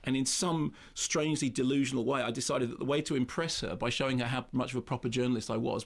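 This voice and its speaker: A man being interviewed as a film critic, telling anecdotes in a rapid, excitable way and acting out the exclamations. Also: medium pitch, creaky. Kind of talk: animated anecdotal interview talk.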